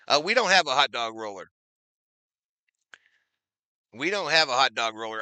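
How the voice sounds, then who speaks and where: A man's voice: medium pitch, expressive, normal speed, long pauses, bright, forceful tone, clean tone, dry recording. A middle-aged man hosting a live watch-party stream, chatting casually, reading viewer comments aloud and calling plays as they happen. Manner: chatty, reads viewer comments, repeats phrases, addresses chat as y'all.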